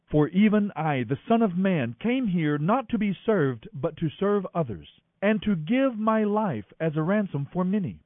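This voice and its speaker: A man reading aloud, voicing a calm teacher who speaks in a measured, earnest way. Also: sits high, dry recording, voice pushed up. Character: calm adult male teacher, patient and firm. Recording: dry, thin phone-like audio.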